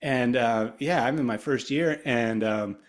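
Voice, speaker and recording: A middle-aged guitarist from Ohio talks through his memories in a loose, rambling way. He drifts from one aside to the next and jumps into animated little impressions of the people he quotes. His voice sits at an ordinary middle pitch for a man. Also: a little slow. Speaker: guest guitarist. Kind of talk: casual storytelling interview.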